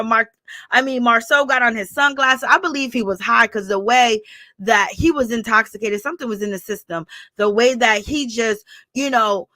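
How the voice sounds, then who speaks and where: A woman hosts a casual recap chat, animated and quick to laugh. Her voice sits high and bright, and the recording is close and dry with no room sound. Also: no echo. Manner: animated, laughing, expressive reactions. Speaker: reality TV recap host.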